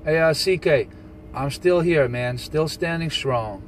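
Man, New Jersey accent, CB radio regular, teasing and unbothered, higher voice, faint hiss behind. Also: unhurried, low-quality recording. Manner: taunting, laughing, calm and teasing. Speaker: CB radio operator recording his channel. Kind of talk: casual radio banter, mocking.

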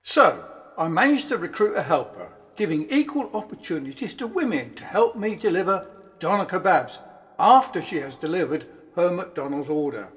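A man's voice: high-pitched, very animated, moderate pace. A man narrating in a dry, mock-serious comic tone.

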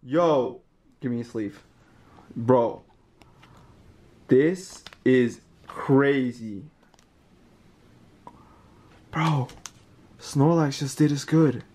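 A man giving casual unboxing commentary, reading card names aloud and getting excited over rare pulls, with words like bro and mate. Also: medium pitch, extremely slow, long pauses, a little hiss or hum. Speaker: card collector opening booster packs.

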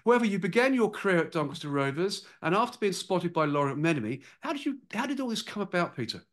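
A male interview host with a high voice that rises and falls a great deal. He chats eagerly, building long introductions before he asks anything. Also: big pitch swings, quick pace. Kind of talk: chatty interview hosting.

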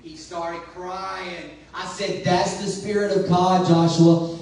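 A pastor preaching a sermon, moving from soft, quick storytelling to loud, drawn-out calls. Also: male voice, little pitch movement, faint music behind. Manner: preaching that drops to a soft storytelling voice and rises to a loud high call. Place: large church sanctuary. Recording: very echoey church heard from far off.

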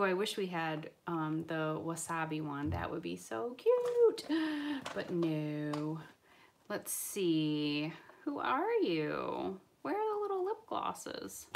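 A woman hosting a live-stream toy unboxing. She chats excitably and answers viewer comments as she opens toys. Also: fairly low pitch, a little hiss or hum. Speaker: toy channel host. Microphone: camera mic on live stream.

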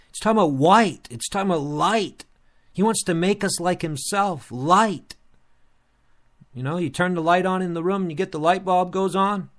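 A man's voice: high-pitched, a bit bright. A man preaching a sermon in an earnest, repetitive style, restarting phrases as he presses his point.

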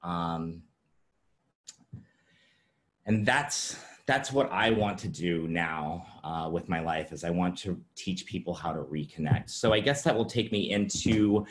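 Man, low voice, halting and filler-heavy, telling his own story at an online summit. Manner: halting, many fillers and restarts. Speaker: presenter sharing his story. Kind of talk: personal testimony talk. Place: virtual summit presentation.

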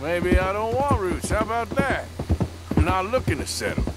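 An actor playing a gruff, middle-aged wandering outlaw who answers in dry, blunt retorts. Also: male voice, sits high, big pitch swings, moderate pace, heavy background noise. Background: game music and hooves.

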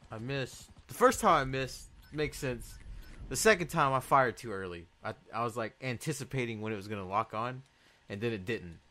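A young man giving casual, excitable commentary over his own gameplay, swearing and bursting into loud outbursts. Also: mid-range voice, moderate pace. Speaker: gameplay video host.

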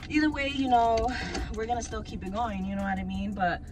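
A woman's voice: on the high side, brisk, noisy background. A young woman who works as a club dancer talks casually in a vlog. She swears freely and leans heavily on "like" and "um". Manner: loose and profane, heavy with "like" and "um" fillers. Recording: clear background music under the voice. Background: music playing.

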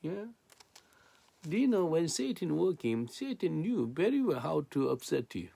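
A man's voice: on the high side, big pitch swings, measured pace, creaky, warm tone, breathy edge, no room sound. A man preaching a sermon in non-native English, reading scripture and then explaining it with rhetorical questions.

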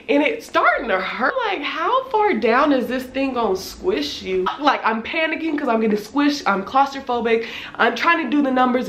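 A woman in her twenties telling a casual storytime, animated and slangy, with lots of filler words and cursing. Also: high voice. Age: 20s. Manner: animated, slangy, swears freely, many "like" fillers. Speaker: vlogger. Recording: echoey room.

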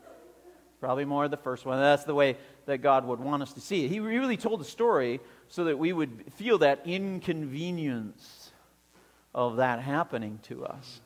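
A man preaching a sermon as pastor, animated and acting out the scenes with voices, heard with long church reverb. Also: fairly high pitch, normal speed.

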